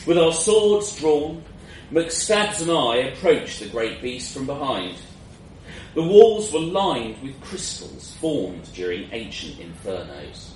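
A man's voice: medium pitch, big pitch swings, takes it slowly, a little mellow. A man narrating a first-person fantasy story in a wry, self-mocking way, in a roomy, distant, noisy recording.

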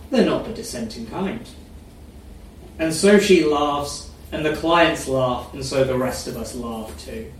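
Deadpan man reading in an echoey room. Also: medium pitch. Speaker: story reader. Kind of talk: live first-person story reading. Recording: echoey room, mic far off, faint noise.

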